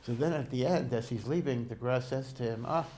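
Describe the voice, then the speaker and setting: With a warm, medium-pitched voice and a fairly quick pace, a rabbi delivers a Torah lecture recorded for a podcast. He tells stories digressively and conversationally, restarting sentences often and sprinkling in Hebrew and Yiddish learning vocabulary.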